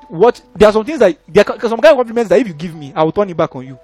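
A young man preaches with a high, bright voice, and he talks fast. He keeps asking the room if they follow, animated and conversational. Soft music sits faintly underneath. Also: breathy edge, no echo. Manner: animated, conversational, frequent rhetorical checks. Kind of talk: sermon.

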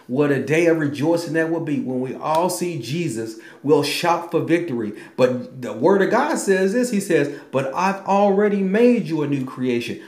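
A man preaching a sermon with emphatic delivery, quoting scripture and swinging between raised and hushed lines. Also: a little high, roomy sound.

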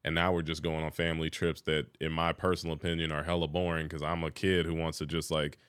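A man co-hosting a casual podcast, talking in a relaxed, slangy and reflective way. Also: extremely low pitch, fast, smooth, no room sound, studio quality. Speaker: podcast co-host. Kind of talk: casual chat. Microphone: podcast mic.

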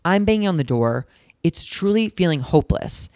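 A man hosting a podcast, telling a story in a casual, chatty way, full of "like" and sudden jumps in pitch. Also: moderate pace, no echo, clean studio sound. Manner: chatty, filler-heavy, animated pitch jumps. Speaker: podcast host.

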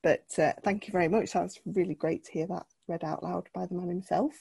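A woman's voice: fairly low pitch, steady tone, brisk, vocal fry, mellow, husky, no room sound. A woman hosting an interview, asking questions in an enthusiastic, encouraging way. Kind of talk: podcast interview.

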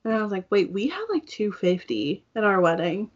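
A woman's voice: mid-range voice, sing-song, a little fast. A young woman co-hosting a casual chat, chatty and emphatic. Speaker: podcast co-host. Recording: dull, lo-fi sound.

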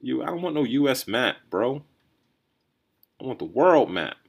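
Animated New man ranting. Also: medium pitch, normal speed, creaky, slightly rough. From New Jersey or New York area, USA. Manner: animated, rambling, thinks aloud with restarts and "right?" tags. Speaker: podcast host. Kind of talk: casual solo commentary.

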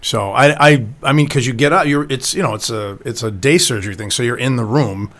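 A man in his fifties co-hosting a podcast, rambling with halting restarts and exasperated asides. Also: medium pitch, a bit bright. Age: 50s. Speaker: podcast co-host. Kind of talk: casual podcast banter.

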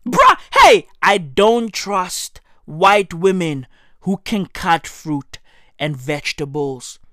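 A woman doing a profane comic rant to camera, emphatic and mocking. She keeps checking in with "right?" and bursts into high mock shouts. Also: slow, no room sound, clean studio sound. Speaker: comedian.

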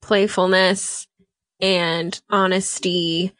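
A woman's voice: fairly low pitch, little pitch movement, extremely slow, fairly bright tone, no echo. A woman co-hosting a podcast in casual chat, playful and whimsical. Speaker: podcast co-host.

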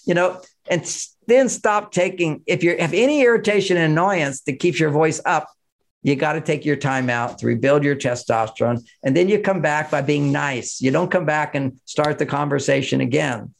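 A married man on a podcast shares conversational relationship advice, referring to his own marriage. He explains emphatically and chuckles a lot, in a gravelly voice on the high side at normal speed.

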